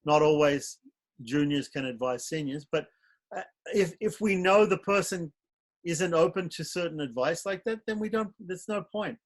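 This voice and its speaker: A man gives advice in a relaxed talk, pausing and restarting as he thinks things through. His voice sits a little above the usual male range. He sounds reflective and unhurried. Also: a little high. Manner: reflective, halting, many restarts.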